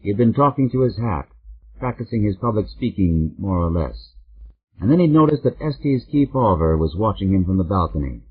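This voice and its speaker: Low-voiced husky man, steady novel narration, tinny lo-fi sound. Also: moderate pace. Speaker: audiobook narrator. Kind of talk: scripted narration. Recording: narrow phone-like audiobook sound.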